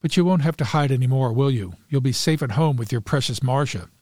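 A man reading the lines of a calm, cold and composed mistress in a story, speaking quietly. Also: medium pitch, fairly quick, dry recording, clean studio sound, close to an everyday voice. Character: cool, composed scheming mistress, adult woman. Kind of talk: read-aloud story dialogue.

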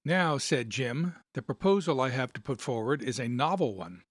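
A man's voice: medium pitch, lively intonation, moderate pace, no room sound, clean studio sound, natural voice. A man reading aloud and voicing a bossy male amateur theatre producer who lays out a plan.

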